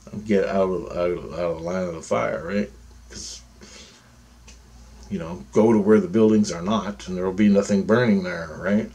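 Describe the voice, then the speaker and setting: A man's voice: low-pitched, a little mellow. A man telling a long dream story in a casual, meandering, profane way.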